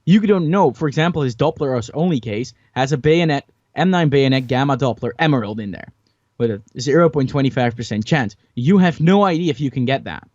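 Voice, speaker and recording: A man's voice: medium pitch, animated, a little fast, darkish tone, no room sound. Young male podcast host, hesitant and opinionated, muffled dry home mic. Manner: hesitant, many fillers and restarts, opinionated. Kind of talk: casual podcast chat.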